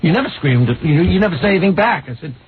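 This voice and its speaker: A man's voice: high-pitched, animated, rapid-fire, narrow, tinny audio, slight background noise. A man on a radio show, needling and teasing a rival. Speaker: comedian guest.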